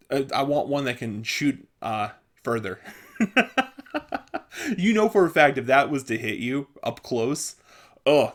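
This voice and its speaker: Man, young adult, casual vlog monologue, rambling, laughs often, sudden high loud quotes. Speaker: vlogger.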